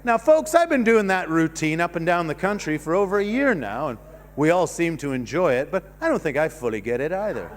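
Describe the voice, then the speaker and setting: An older man doing a stand-up comedy set on a theatre stage, rambling and self-mocking with sudden loud outbursts. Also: fairly high pitch, big pitch swings, brisk, a little hiss or hum. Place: stage of a cinema theatre, live audience.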